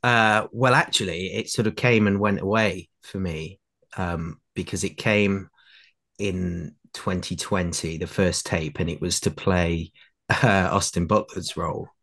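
A man's voice: sits low, steady tone, a little slow, fairly bright tone. A man in his late twenties from Derbyshire, a guest actor telling self-deprecating anecdotes in a podcast interview. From England, Derbyshire. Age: late 20s.

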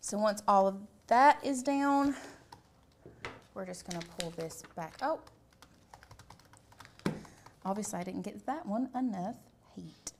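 A woman's voice: mid-range voice, lively intonation, unhurried, long pauses, background noise. A young adult woman hosting a live craft tutorial, chatting casually as she works through each step with her hands. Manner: chatty, talks while working with hands.

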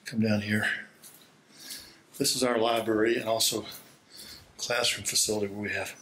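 A man's voice: lowish voice, flat delivery, normal speed, a bit bright, a little hiss or hum. Man, pastor; casual self-filmed walkthrough of a small church, talks while walking, winded and chuckling. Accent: Hawaii. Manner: chatty, laughs often, slightly out of breath. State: out of breath. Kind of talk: casual walking video tour. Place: small church building indoors. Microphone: laptop held while walking.

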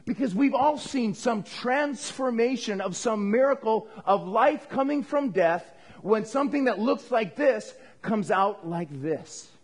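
A man with a notably high voice preaching to his congregation. He talks plainly and directly, stopping often to ask the room for an amen. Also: animated, measured pace. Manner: conversational preaching, asks for amens. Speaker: pastor. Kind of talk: sermon.

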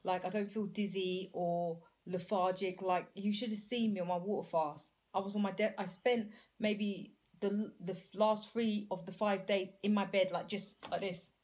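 Woman vlogger, mid-pitched, musing out loud, unsure, casual diary to camera. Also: fairly even intonation, moderate pace, few pauses. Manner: thinking aloud, hesitant and rambling. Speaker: vlogger and health coach.

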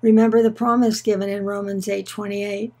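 Woman teaching bible stuff, mellow kinda breathy voice, slow careful delivery, leans on the important words. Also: medium pitch, little pitch movement, rough recording. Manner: measured, slows on key words for emphasis. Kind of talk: scripted teaching narration.

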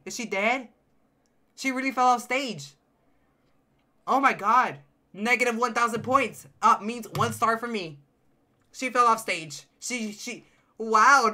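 A man streaming a game live, reacting with loud, excitable outbursts and teasing his chat. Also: high-pitched. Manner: addresses chat directly, playful teasing. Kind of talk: live gameplay commentary.

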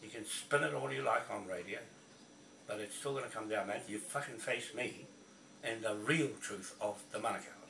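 A man's voice: fairly low pitch, moderate pace, creaky, pushed and bright. A man ranting angrily to camera, swearing and repeating himself in a confrontational way. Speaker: video blogger. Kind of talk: angry rant to camera. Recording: echoey, from a distance, faint noise.

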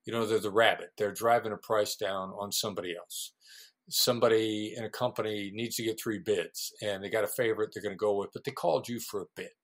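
A man, a guest negotiation expert, explaining ideas in an animated interview and acting out quoted voices. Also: on the low side, fairly quick.

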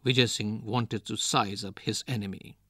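A man's voice: on the low side, steady tone, moderate pace, fairly bright tone, no echo, studio quality. A man with an Indian English accent reading a textbook story and its questions aloud for a lesson. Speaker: lesson narrator.

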